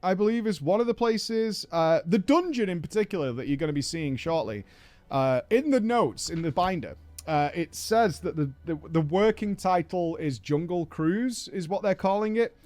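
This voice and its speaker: A man's voice: high-pitched, lively intonation, moderate pace, a little mellow, no echo. A man casually reporting on a game press event, chatty and hedging, with frequent fillers. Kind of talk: casual video commentary.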